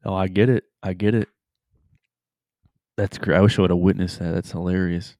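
A young man with a low voice co-hosts a casual podcast. He talks easily, laughs a lot, and runs through sports betting picks. The recording is dry and close. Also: normal speed, no room sound. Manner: relaxed, laughs often, gives betting picks. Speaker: podcast co-host. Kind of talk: casual chat.

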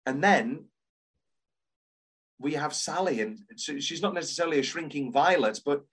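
A man's voice: fairly high pitch, moderate pace, breathy edge. A man co-hosting a podcast, chatting with enthusiasm and restarting his sentences often. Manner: animated, gushing, many restarts. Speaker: podcast co-host. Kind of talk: casual enthusiastic chat.

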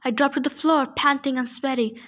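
A woman's voice: sits high, fairly even intonation, brisk, fairly bright tone. A woman narrating a first-person adventure story aloud, casual, with joking asides. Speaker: audiobook reader.

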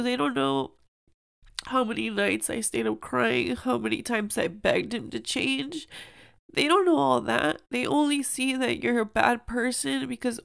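A woman's voice: on the high side, creaky. A young woman hosting a personal podcast, speaking earnestly and emotionally, with many "like"s and "um"s. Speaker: podcast host.

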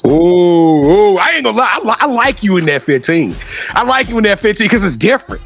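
A man hosting a casual interview, energetic and slangy, often repeating words as he thinks. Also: high voice, a little fast, soft background music. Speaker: interview host.

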